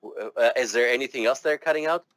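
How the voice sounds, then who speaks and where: A male medical terminology instructor lectures to a classroom, chatty and encouraging as he coaxes students to sound out words. His voice sits at an ordinary middle pitch and is recorded dry and close. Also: fast talker, a bit bright, no room sound.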